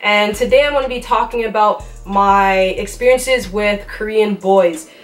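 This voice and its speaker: A woman's voice: mid-range voice, measured pace, distant mic. A young woman with a Toronto accent telling a story to camera in a casual, slangy, blunt way. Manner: slangy, blunt delivery she calls rough. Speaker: vlogger. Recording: roomy sound from off-mic, faint music.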